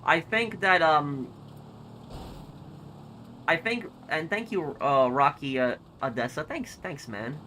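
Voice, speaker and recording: A man's voice: on the high side, expressive, takes it slowly, long pauses, pushed and bright, a little hiss or hum. A young American man streaming a game live, reading chat and thinking aloud with hesitant, repeated starts. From United States.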